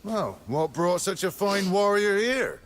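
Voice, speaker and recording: A man's voice: high-pitched, lively intonation, unhurried, a little hiss or hum. An actor playing a blunt male villager in a fantasy video game, suspicious of a stranger. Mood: gruff. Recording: game audio with game music.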